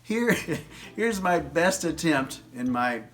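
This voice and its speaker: A man's voice: fairly high pitch, sing-song, slow pace, a bit bright. A man in his fifties hosting an advice video, lecturing young people in a teasing, jokey way. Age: 50s. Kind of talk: casual advice monologue.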